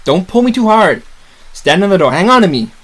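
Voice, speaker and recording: A man as a steady, protective scientist. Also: sits high, fairly quick, full character voice. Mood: reassuring. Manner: calm, reassuring instructions. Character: steady male paleontologist, protective. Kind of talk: comedic script reading.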